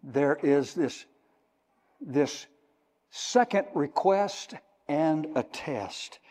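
An older male preacher delivers a sermon with emphatic, drawn-out phrasing, unpacking Greek words as he goes. His voice sits a little high for a man and carries the long reverb of a church sanctuary. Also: animated, darkish tone.

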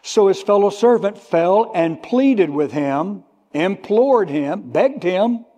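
Slow, emphatic preacher in a reverberant hall. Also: male voice, sits high, lively intonation. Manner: slow, emphatic, tells listeners to underline words; swings from loud stress to hushed drops. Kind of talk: sermon. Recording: long reverb of a large hall.

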